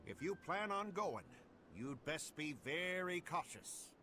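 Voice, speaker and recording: A man voicing a gruff male sailor in a video game, telling a rumor in a folksy drawl. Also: on the high side, big pitch swings, takes it slowly, bright, forceful tone, heavily acted. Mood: gossipy. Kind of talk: game voice acting. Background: game music.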